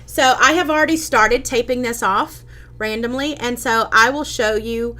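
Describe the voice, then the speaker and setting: A woman's voice: fairly high pitch, moderate pace, sharp tone. A woman hosting a casual live-stream craft tutorial. She chats with viewers, answers their comments, and talks with frequent ums and restarts.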